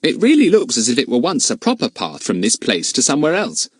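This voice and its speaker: Sensible boy leader voiced by a man, calm, decisive, lively pitch, breathy storybook voice. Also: a little fast, no echo, clean studio sound.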